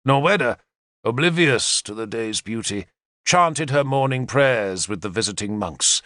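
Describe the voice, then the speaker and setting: A man reading a historical novel aloud as narrator, in a measured first-person storytelling manner. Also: mid-range voice, no echo, clean studio sound. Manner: measured storytelling with lively intonation. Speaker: audiobook narrator.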